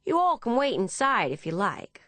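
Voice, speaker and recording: A woman's voice: a little high, sing-song, moderate pace, a bit bright, dry recording, pitched above the performer's own voice. A woman putting on a brassy, drawling Texan woman. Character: brassy American woman, flirtatious and offhand.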